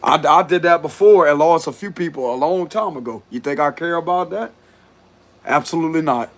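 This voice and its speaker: A man's voice: fairly high pitch, lively intonation, brisk. Blunt, cursing man reading tarot. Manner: blunt, profane, laughs often. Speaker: tarot reader. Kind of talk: casual spoken tarot reading.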